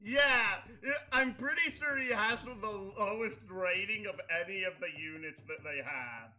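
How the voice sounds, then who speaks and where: A man's voice: high voice, normal speed, few pauses, sharp tone, faint music behind. A man streaming a game, chatting casually and teasing his co-player. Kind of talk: casual chat while gaming.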